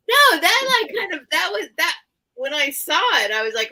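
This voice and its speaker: Bright, chatty woman hosting a sale. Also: extremely high pitch, measured pace, long pauses, rough recording. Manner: chatty, excitable, self-mocking. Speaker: live sale host. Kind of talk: casual live-sale chat.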